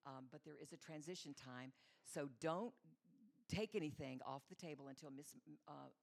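A woman's voice: low voice, moderate pace, vocal fry. A middle-aged woman teaching a sermon, telling personal stories and acting out the voices in them. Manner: animated storyteller acting out voices. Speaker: women's Bible teacher.

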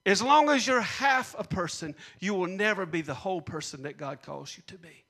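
A man's voice: sits high, moderate pace, sharp tone. A man preaching a sermon, repeating punchlines and leading call-and-response with the congregation. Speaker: pastor.

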